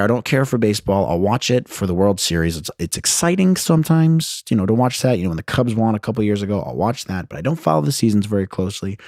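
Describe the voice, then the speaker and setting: Young man, podcast host, low voice, lively swings in pitch, dry close sound, rambling and self-deprecating. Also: no room sound. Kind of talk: casual solo podcast storytelling. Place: his old high school bedroom.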